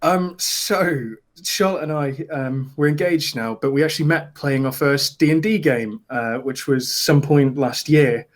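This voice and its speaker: A man, a dice maker, answering interview questions in a relaxed, storytelling way and laughing easily. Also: a little high, measured pace. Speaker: dice company founder.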